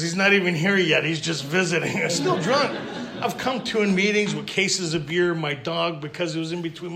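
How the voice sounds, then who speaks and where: At a recovery convention, a Canadian man tells his story to an audience in a convention hall. His voice is a little high, gravelly, pushed and bright. He's funny and self-mocking, stammering and starting over as he talks.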